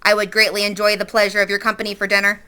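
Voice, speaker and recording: A woman's voice: medium pitch, completely flat delivery, racing, bright, forceful tone, close to an everyday voice. A woman reading aloud voices a young boy who teases his sister and puts on a very proper way of talking. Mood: teasing. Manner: mock-formal and teasing.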